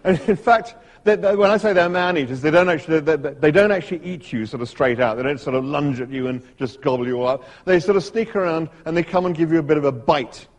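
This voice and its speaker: A man's voice: on the high side, quick pace, hardly any pauses. Man telling a story in a reverberant hall. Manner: dry humor, hesitant with restarts. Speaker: speaker giving a talk to an audience. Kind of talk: live talk with a read-aloud passage.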